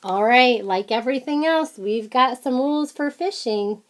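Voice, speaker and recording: A woman's voice: sits high, moderate pace. A woman reading a children's fishing book aloud, adding chatty, playful comments between the lines of text.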